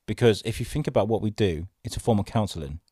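A man with a fairly low voice hosts a casual podcast conversation. He rambles and reflects as he tells his stories. The sound is close and dry, with no room around it. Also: lively intonation, quick pace, mellow, husky, no echo. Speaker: podcast host. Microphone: studio podcast microphone.

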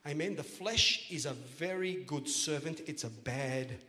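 Energetic pastor, joking then booming. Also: male voice, unhurried. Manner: playful, joking, rising to loud emphatic exhortation. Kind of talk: sermon. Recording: long church hall reverb.

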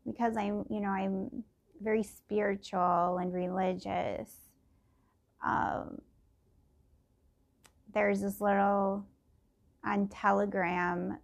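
A woman's voice: mid-range voice, level tone, slow, gravelly, long pauses. A middle-aged woman thinking aloud in a casual personal podcast, meandering and full of fillers and restarts.

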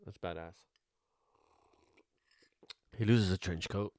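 A man's voice: low-pitched, slow pace, a little mellow, no echo. A man giving a casual, rambling film commentary as host, offhand and swearing now and then.

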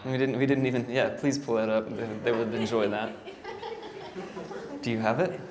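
A man's voice: mid-range voice, fairly even intonation, normal speed, a crowd in the background. A man in his thirties, a worship pastor, telling his story casually to a church audience with many fillers and self-deprecating asides. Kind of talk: church talk. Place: church hall. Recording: hall reverb, faint ambient noise.

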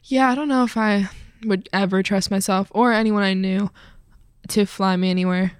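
A woman's voice: mid-range voice, fairly even intonation, normal speed, clear, resonant tone, no echo. Young woman asking questions in a dry close recording. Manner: asks questions, skeptical, lots of "like". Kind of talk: casual chat.

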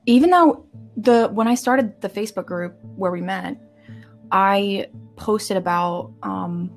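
A woman's voice: mid-range voice, slow pace, soft background music. Bubbly, giggly American woman. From United States. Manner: bubbly, giggly, rambling with fillers. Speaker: podcast host. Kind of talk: casual chat.

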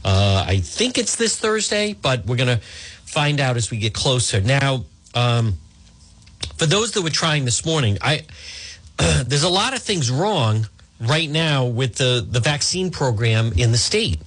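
This talk radio host has a husky, mid-range voice and a measured pace. His monologue is combative and animated, full of asides and restarts.

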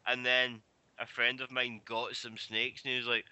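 A man's voice: medium pitch, steady tone, normal speed, bright, forceful tone, smooth, dry recording. A man in casual chat, telling stories and ranting with a lot of swearing. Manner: profane, ranting storyteller.

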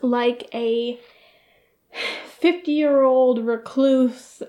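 A woman's voice: high-pitched, steady tone, very slow, warm tone. A woman co-hosting a casual podcast chat, giggling often and rambling with frequent restarts. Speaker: podcast co-host.

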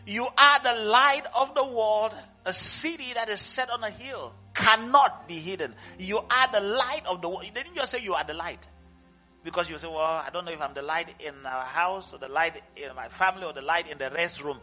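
High bright-voiced preaching pastor. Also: male voice, moderate pace, highs cut off. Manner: animated preaching, swinging from loud exclamations to quiet asides, laughing often. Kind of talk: sermon. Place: church service.

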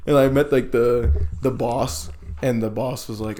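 A young man with a gravelly, creaky voice at an ordinary pitch, chatting casually on a podcast. He tells stories loosely, full of fillers and laughter. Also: unhurried, a little mellow. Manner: laughing storyteller, filler-heavy. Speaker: podcast co-host. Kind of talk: casual chat.

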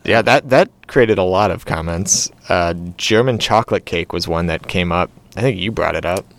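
A man's voice: sits low, normal speed, creaky, fairly bright tone, slight background noise. A man co-hosting a podcast, chatting playfully and arguing jokingly, laughing often. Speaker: podcast co-host. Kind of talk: casual chat.

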